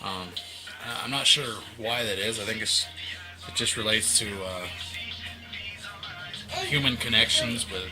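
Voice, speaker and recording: A man's voice: fairly low pitch, a little slow, pauses often, over loud music, poor audio. A man in his thirties talking casually to a handheld camera inside his house, rambling and correcting himself as he goes. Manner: rambling, self-correcting, chatty. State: out of breath. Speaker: vlogger. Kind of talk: casual vlog talk to camera.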